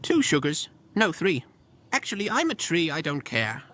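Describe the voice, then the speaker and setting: A man's voice: on the high side, huge pitch swings, moderate pace, fairly bright tone, pitched above the performer's own voice. A man voicing a cheeky talking tree. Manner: playful, jokey replies in a put-on voice. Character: friendly laid-back talking tree, cheeky.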